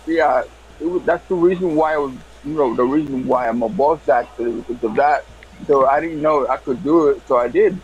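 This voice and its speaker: A man hosting a podcast, telling stories in a casual, animated way with lots of laughter and restarts. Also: medium pitch, muffled recording, slight background noise. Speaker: podcast host. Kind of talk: casual storytelling chat.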